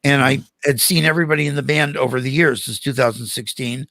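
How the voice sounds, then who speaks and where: An older man, a guest on a podcast, telling animated stories in casual conversation and acting out the voices of the people in them. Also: mid-range voice, fast talker, creaky, dry recording. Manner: animated anecdotes with acted-out quotes. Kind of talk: casual storytelling interview.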